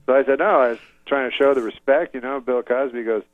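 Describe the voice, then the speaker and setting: A man doing an impression of a comedian telling a rambling, deadpan story, full of fillers and restarts, on dull lo-fi audio. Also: medium pitch, fast talker, no echo, close to an everyday voice.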